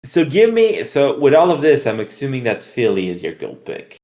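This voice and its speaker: Male podcast co-host, mid-pitched, casual and teasing, sports betting chat. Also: huge pitch swings, normal speed, mellow. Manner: joking, teasing banter.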